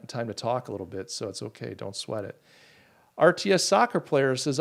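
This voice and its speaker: A man's voice: medium pitch, a little mellow. A man hosting a casual live talk show, rambling and indignant, with many restarts while he answers viewer comments. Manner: reads and answers chat comments. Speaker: podcast host.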